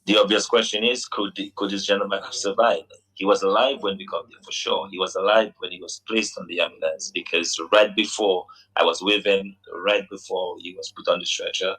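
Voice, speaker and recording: A man from Dominica on a radio talk show, speaking earnestly and haltingly, often repeating words as he searches for the phrasing. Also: sits low, little pitch movement, sharp tone, breathy edge, rough recording. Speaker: guest recounting a roadside accident. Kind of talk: radio phone-in conversation.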